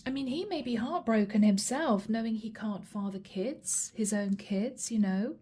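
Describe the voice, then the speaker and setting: A woman's voice: fairly high pitch, normal speed, mellow, slightly rough. A middle-aged woman giving a channeled tarot reading, talking straight to the viewer in a chatty way and naming each card as she draws it. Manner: chatty, addresses viewer directly, names cards as she draws. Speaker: tarot reader.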